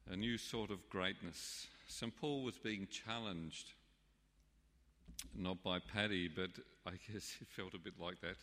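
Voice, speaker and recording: A man's voice: fairly low pitch, sharp tone. A man preaching a sermon as pastor, wry and storytelling in manner, in a church. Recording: long church reverb.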